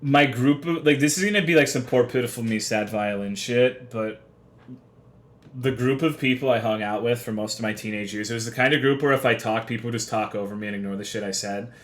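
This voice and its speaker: A man's voice: medium pitch, fairly quick. Profane rambling young male streamer. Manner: profane, rambling, self-deprecating. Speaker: livestreamer. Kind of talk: casual livestream chat.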